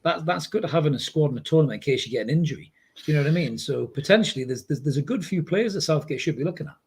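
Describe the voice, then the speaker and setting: Geordie man, rapid talker, husky, chatty, jokey football podcast co-host. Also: on the high side, lively intonation, darkish tone. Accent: Geordie with Scottish roots. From born in Glasgow, raised in Newcastle. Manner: chatty, jokey, says "mate" often. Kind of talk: casual football chat.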